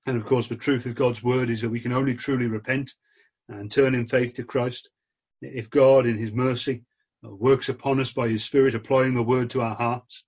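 A man preaching a sermon in an earnest, measured way, with frequent fillers. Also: medium pitch, flat delivery, darkish tone, slightly rough. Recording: dull lo-fi recording.

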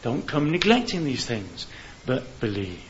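A man's voice: mid-range voice, very animated, measured pace. Male preacher, earnest and fervent; slightly muffled recording with faint hiss. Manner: earnest, rising to fervent appeals. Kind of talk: evangelistic sermon. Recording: dull hissy recording.

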